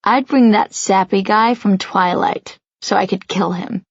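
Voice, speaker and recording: A woman's voice: mid-range voice, measured pace, husky, no echo, highs cut off. A woman voicing a playful, charming teenage boy with a teasing manner in an audiobook.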